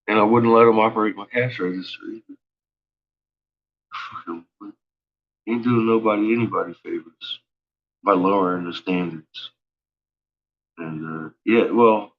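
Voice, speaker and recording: Deep-voiced man, profane, stammering storyteller, muffled lo-fi sound. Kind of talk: casual rambling monologue.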